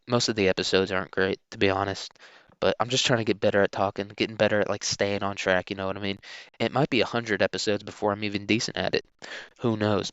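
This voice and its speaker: A young man hosting a solo podcast, rambling crudely and filling every pause with dude and like. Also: fairly low pitch, a bit bright, clear, resonant tone, no room sound, muffled recording. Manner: rambling, crude, filler-heavy, keeps saying dude. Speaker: podcast host.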